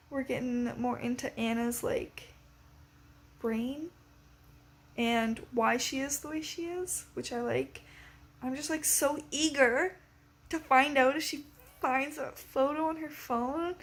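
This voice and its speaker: Teen girl vlogger, high bright voice, rambling excitable casual chat. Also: breathy edge. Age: teens. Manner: rambling, excitable, lots of filler words. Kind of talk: casual reading vlog chat.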